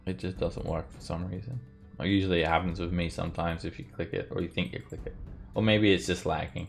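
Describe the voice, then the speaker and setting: Deep, gravelly man running a tabletop game. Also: fairly even intonation, fast, faint music behind. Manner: patient, explains rules and narrates actions. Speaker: game master. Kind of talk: narrating a tabletop game over a live stream.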